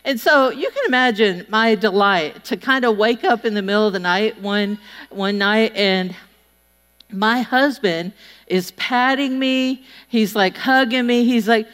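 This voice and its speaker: A middle-aged woman telling a funny story from a stage, chatty and folksy. She slips into little voices for the people she quotes. Her voice sits a bit high and rings with the long reverb of a large hall. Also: measured pace, fairly bright tone. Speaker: public speaker. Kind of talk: humorous storytelling speech to an audience.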